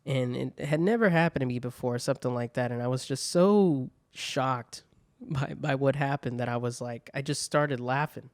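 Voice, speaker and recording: A man's voice: medium pitch, normal speed, dry recording. A young man hosting a solo podcast, telling stories in a casual, profane way. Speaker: podcast host.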